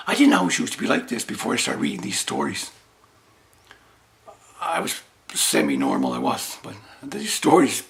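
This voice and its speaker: A man's voice: fairly high pitch, huge pitch swings, normal speed, vocal fry. A man doing a rambling comic commentary on his own tall tales, dryly repeating that it was all boring.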